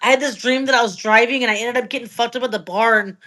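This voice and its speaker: A woman talks loosely on a live stream from her phone, her voice sitting a bit high. She is relaxed, swears freely and lets her sentences drift off quietly. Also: fast talker, low-quality recording. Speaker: livestream co-host. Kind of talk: casual chat. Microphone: phone on a live video call.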